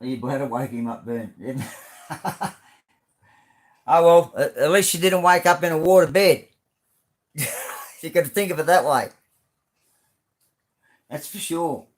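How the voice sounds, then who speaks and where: A man's voice: fairly high pitch, takes it slowly, pauses often, a little hiss or hum. An Australian man hosting a live stream, chatting casually as he reads out viewer comments, rambling and friendly with plenty of fillers and restarts.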